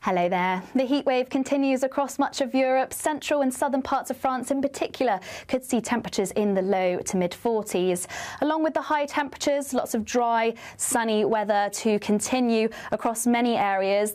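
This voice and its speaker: A woman presenting a travel weather forecast in a smooth, even reading. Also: fairly high pitch.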